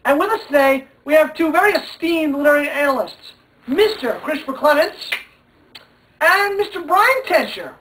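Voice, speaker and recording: A man's voice: very high voice, lively intonation, moderate pace, pushed and bright, a little hiss or hum. A young man hosting a mock talk show, hammy and sarcastic with filler hesitations. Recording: distant mic.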